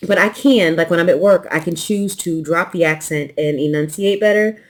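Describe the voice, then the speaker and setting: Woman host with a light Southern twang, lowish voice, chatty and loose, slurs some consonants. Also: normal speed. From New York. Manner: relaxed, rambling, swallows consonants. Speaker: quilting channel host. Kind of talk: casual unboxing chat.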